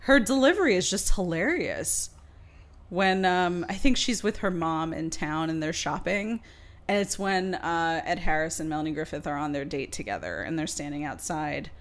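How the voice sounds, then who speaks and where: Animated woman podcast co-host. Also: low-pitched, normal speed. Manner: animated, laughs often, swearing enthusiasm. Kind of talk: casual chat.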